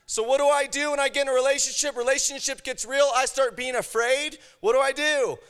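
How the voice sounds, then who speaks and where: Male preacher, high voice, sermon, animated storytelling, shifts from loud to hushed. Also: brisk.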